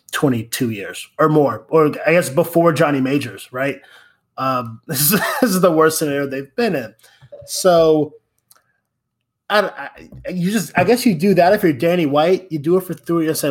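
A man with a slightly raised speaking voice co-hosts a casual sports podcast. He rambles through his points with quick asides and the odd curse. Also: a little high, breathy edge. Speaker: podcast co-host.

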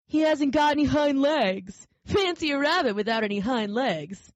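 A woman voicing a wild, teasing young male rabbit in a storybook reading, lively and mocking. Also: high voice, moderate pace, dry recording, pitched above the performer's own voice. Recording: dry, slightly dull recording.

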